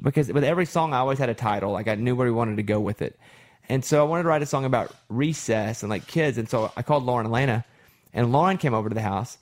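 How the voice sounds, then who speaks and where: A man chatting casually about writing children's songs, telling stories and mimicking how singers sounded. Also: mid-range voice. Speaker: songwriter presenting his kids' album. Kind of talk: casual chat.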